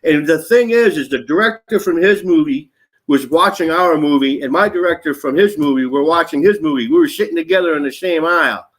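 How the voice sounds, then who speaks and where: Fifties male actor guest, animated raconteur, quotes in voices, salty language. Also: a little high, a little fast. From Nashville area. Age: 50s. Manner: animated storyteller, acts out quotes, swears freely. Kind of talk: casual storytelling interview.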